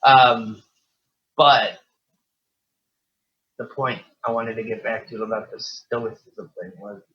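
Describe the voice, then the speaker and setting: A man co-hosts a podcast, chatting casually and telling stories with heavy profanity and frequent laughs. He has a mid-range, slightly bright voice with fairly even intonation and a slow pace, heard through dull lo-fi audio.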